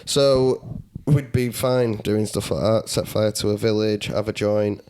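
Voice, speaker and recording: A young man co-hosting a comedy podcast, telling a dark story with jokes and frequent laughter. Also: fairly low pitch, fairly even intonation, measured pace, clean tone. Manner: joking storyteller, laughs often. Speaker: podcast co-host. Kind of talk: casual comedic chat.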